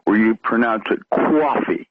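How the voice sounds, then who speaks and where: A man's voice: fairly low pitch, dry recording, narrow, tinny audio. A middle-aged man hosting a radio talk show, laughing easily and tossing in short remarks. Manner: animated, quick to laugh, short interjections. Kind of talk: casual radio chat.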